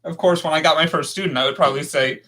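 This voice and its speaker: A man co-hosting a casual live stream, trading dry, deadpan jokes. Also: on the high side, fast talker, background noise. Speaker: co-host.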